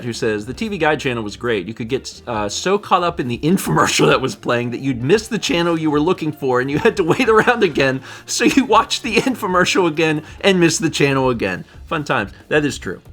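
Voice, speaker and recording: A man co-hosting a live stream, chatting casually, reading chat messages and joking with squeaky put-on voices. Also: a bit bright. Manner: jokey, breaks into high squeaky put-on voices.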